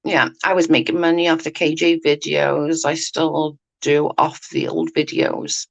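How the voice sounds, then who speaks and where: A woman's voice: deep voice, level tone, a little slow, creaky, dull audio. Rambling woman streaming casually. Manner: rambling, self-correcting, often asks "do you know what I mean". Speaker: YouTube commentator. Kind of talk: casual livestream chat, reading viewer comments.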